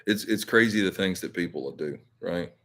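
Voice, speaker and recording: Man, deep voice, casual live chat, rambling, lots of fillers. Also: expressive, fairly quick, fairly bright tone. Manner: rambling, filler-heavy, self-correcting. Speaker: YouTube channel host.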